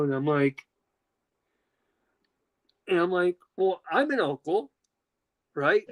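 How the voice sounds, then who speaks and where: Dude telling a story on his podcast, voice jumps all over doing everyone's lines, kinda high pitched. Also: slow, poor audio. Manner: animated, acts out quotes with pitch jumps, swears casually. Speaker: podcast host. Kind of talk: casual storytelling chat.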